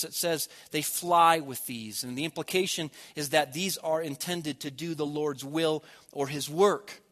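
A man preaching a sermon, swelling loud on key words and dropping to a near hush at the ends of phrases. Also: on the high side.

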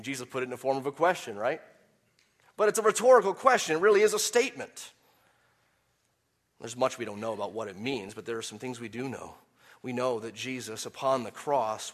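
A man preaching a sermon, swinging from quiet, measured explanation to loud, impassioned peaks when he quotes scripture. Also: medium pitch. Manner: impassioned preaching, rising to near shouts on quotes. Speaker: pastor.

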